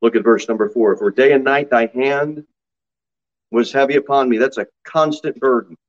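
A man preaches a sermon from the pulpit at a middle pitch, his delivery swinging between low, earnest stretches and sudden high, loud mock quotes. The church recording sounds slightly dull and lo-fi. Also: moderate pace. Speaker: pastor. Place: church sanctuary.

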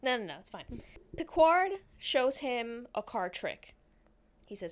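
A woman's voice: mid-range voice, animated, measured pace, long pauses. A woman co-hosting a podcast in casual chat, retelling a film's plot in a slangy, profane, rambling way with frequent self-corrections. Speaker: podcast co-host recapping a film.

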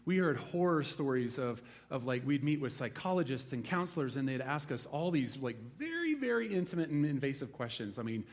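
A man in his forties preaching a sermon to a congregation, telling a lively story from his rural youth and then growing quiet and reflective. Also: mid-range voice, a little fast, few pauses. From rural United States. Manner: animated storytelling, swings from loud exclaims to hushed reflection. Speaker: pastor. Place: church hall before a congregation.

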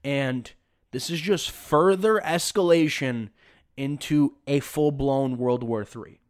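A man's voice: mid-range voice, slow, smooth. A man hosting a podcast, delivering emphatic, sarcastic opinion commentary. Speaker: podcast host.

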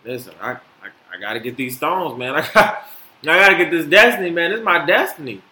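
Brooding villain titan, grave and low, put on by a man retelling a scene, bright tone. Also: animated, a little fast, roomy sound. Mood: pleading.

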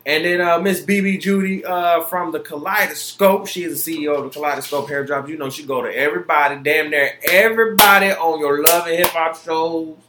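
A young man hosts his own podcast in a heated, profane rant. His voice sits high and sounds bright and forceful. The recording carries a roomy echo. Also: steady tone, a little fast, hardly any pauses, slight background noise. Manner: heated, profane, emphatic, repeats himself. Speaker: podcast host. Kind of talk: solo opinion podcast rant.

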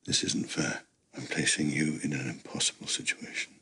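A woman voicing a torn, middle-aged aristocratic man in a breathy, hushed whispered role-play. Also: rumbling low, steady tone, moderate pace, pitched below the performer's own voice, full character voice. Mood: anguished.

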